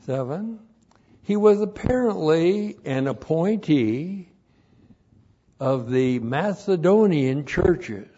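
A man's voice: on the high side, animated, takes it slowly, mellow, husky. A man teaching a Bible study on Greek words, methodically repeating numbered points and spelling terms letter by letter. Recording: dull lo-fi recording.

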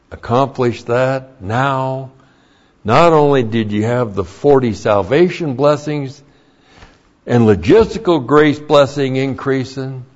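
A man teaching a Bible lesson slowly and emphatically, repeating each key point. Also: medium pitch. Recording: dull lo-fi recording.

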